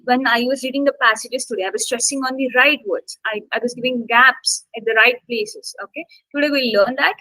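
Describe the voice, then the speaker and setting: A woman's voice: high-pitched, a bit bright, no room sound, poor audio. A woman instructor teaching a live online exam-prep class, checking in often with "okay" and "got it" and stressing key words as she explains.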